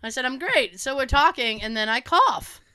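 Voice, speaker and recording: Lively woman podcaster telling a story, bright smooth voice, dry close sound. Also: moderate pace, dry recording. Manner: animated, acts out quoted voices with big jumps in pitch and volume. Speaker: podcast co-host. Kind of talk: casual chat and storytelling.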